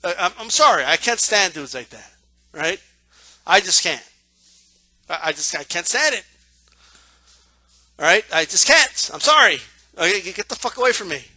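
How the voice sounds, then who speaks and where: A man's voice: high-pitched, sing-song, moderate pace, long pauses, pushed and bright, no room sound. A man ranting casually about boxing, profane and mocking, often repeating himself and doing sarcastic asides. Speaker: boxing commentator.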